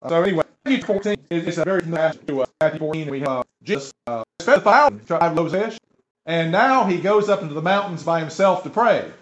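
A man's voice: a little high, lively intonation, fast talker, dull audio, a little hiss or hum. A man preaching a conversational sermon to a congregation, in a folksy way, asking them questions as he goes. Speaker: pastor.

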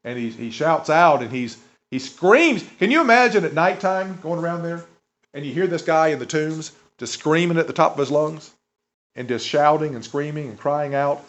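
In a dull lo-fi recording, a pastor speaks at normal speed with an animated voice on the high side and a fairly bright tone. His sermon feels conversational, full of rhetorical questions aimed at the audience.

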